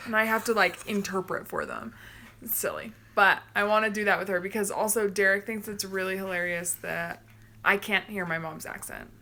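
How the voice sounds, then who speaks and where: A woman chatting casually on a home livestream, rambling and quick to laugh. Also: mid-range voice, sharp tone. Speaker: livestream co-host. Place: home, indoors.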